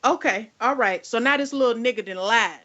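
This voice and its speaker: A woman's voice: fairly high pitch, brisk, bright, forceful tone, highs cut off. Exasperated woman telling a profane rant. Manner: profane, exasperated, acts out both sides of phone calls. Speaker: podcast co-host. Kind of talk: casual storytelling rant.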